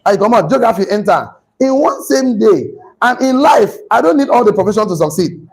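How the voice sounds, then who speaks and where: Man, lecturer, classroom talk, high voice, slightly husky, asks the room questions. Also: fairly quick, poor audio. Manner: animated, asks the class questions and repeats himself.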